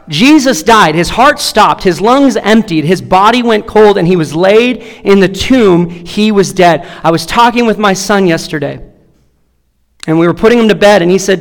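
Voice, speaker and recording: A man's voice: sits high, lively intonation, moderate pace, fairly bright tone, big-room sound. A man in his thirties preaching an Easter sermon with impassioned rhetorical questions, his voice strained. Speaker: pastor. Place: large church sanctuary.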